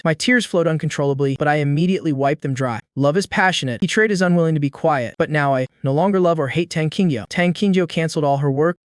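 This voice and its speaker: A man narrating a first-person audio story recap in a calm, measured way, close to the mic. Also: fairly high pitch, smooth, no echo.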